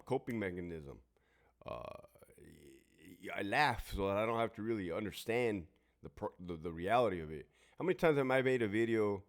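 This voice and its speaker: A man in his forties, a former prison guard and veteran, telling his story in a blunt, heavily profane, emphatic way. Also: lowish voice. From Southern California. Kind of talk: casual storytelling monologue.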